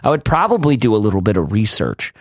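A man's voice: fast talker, no room sound, clean studio sound. A man co-hosting a casual podcast chat, talking animatedly with frequent restarts. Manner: animated, restarts often, rises in pitch when excited. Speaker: podcast co-host.

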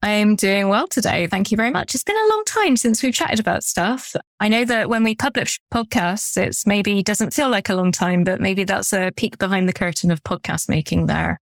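A woman with an English accent co-hosts a casual podcast, talking in a friendly, reflective, chatty way. Her voice sits in a middle pitch, and the sound is dry and close. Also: moderate pace, gravelly, few pauses, no room sound. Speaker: podcast co-host.

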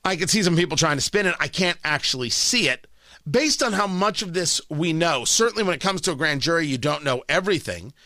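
A man hosting a political talk radio show, delivering an animated, sarcastic monologue into a studio microphone. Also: a little high, brisk, dry recording. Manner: animated, excitable, sarcastic asides.

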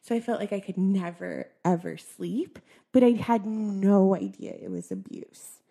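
A young adult woman with a mid-range voice, marked by vocal fry and a breathy edge, opens up in a confessional conversation. She speaks softly and falters often, peppering her sentences with fillers.

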